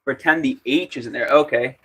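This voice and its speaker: Young guy doing pottery on a stream, chatty and jokey, answering chat, normal pitch. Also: normal speed, pushed and bright, husky. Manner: joking, chatty, reads out and answers viewer comments. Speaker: livestreaming potter. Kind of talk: casual livestream chat.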